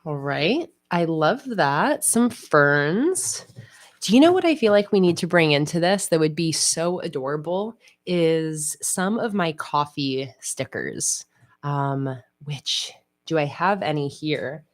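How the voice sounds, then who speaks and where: A woman hosting a casual livestream, chatting in a relaxed way with frequent fillers. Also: sits low, slow. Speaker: livestream host. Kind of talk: casual livestream chat while planning.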